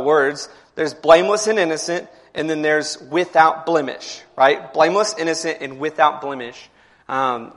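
Male pastor, sermon in a church, slightly high pitch, conversational with emphatic builds. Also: a bit bright. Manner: conversational, repeats words, builds to emphatic passages.

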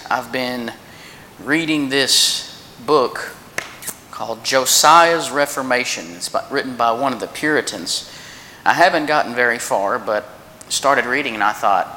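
A man in his thirties, filling in as preacher at a church service, tells a personal story in an informal sermon, earnest and conversational with frequent restarts and pauses, his voice pushed and bright. He's recorded at a distance in a reverberant church meeting room with faint background rumble.

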